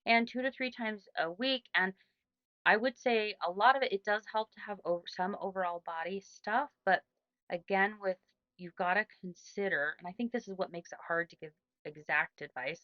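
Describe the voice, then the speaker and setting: A woman's voice: mid-range voice, moderate pace, no room sound, dull audio. A middle-aged woman, a running coach, giving casual advice in a chatty, rambling way with lots of restarts.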